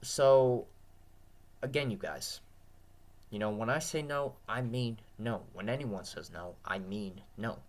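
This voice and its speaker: A man's voice: on the low side, slow pace. A tired man with a dry throat, talking to his viewers in an earnest, repetitive, rambling monologue. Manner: repetitive, earnest, restarts often. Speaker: vlogger.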